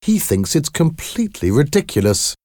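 A man voicing a distraught middle-aged mother in a storybook reading, her voice high and strained with pleading. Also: very animated, moderate pace, dark tone, no echo, studio quality. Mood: dismissive.

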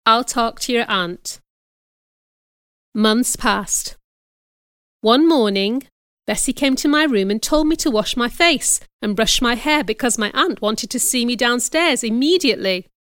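A woman reading a storybook aloud as narrator, in a careful, steady storytelling manner. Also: on the high side, clear, resonant tone, no echo, clean studio sound. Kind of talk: scripted audiobook narration.

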